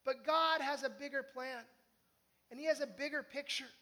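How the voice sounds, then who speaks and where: A man's voice: very high voice, normal speed. A man preaching a conversational sermon, often asking his listeners questions. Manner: conversational, animated, asks the listeners. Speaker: pastor.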